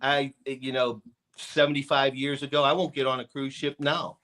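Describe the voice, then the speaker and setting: A man's voice: medium pitch, level tone, normal speed, fairly bright tone, low-quality recording. A man in his fifties, a guest on a call-in show, telling a rambling story and repeating his words as he goes. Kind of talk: casual storytelling.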